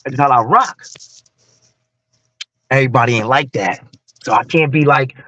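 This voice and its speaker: A man's voice: medium pitch, measured pace, long pauses, no echo, lo-fi sound. A man speaking bluntly and heatedly in casual chat, repeating himself for emphasis. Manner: blunt, repetitive, animated street talk.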